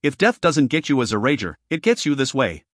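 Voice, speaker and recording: A man narrating a first-person fantasy audiobook with expressive storytelling. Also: medium pitch, a little fast, no echo, studio quality.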